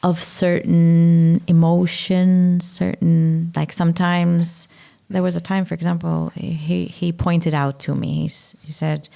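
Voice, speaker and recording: A young woman with a Maltese accent, a podcast guest speaking haltingly, searching for words and sometimes dropping to a whisper. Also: on the low side, little pitch movement, creaky, dark tone. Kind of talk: emotional personal conversation.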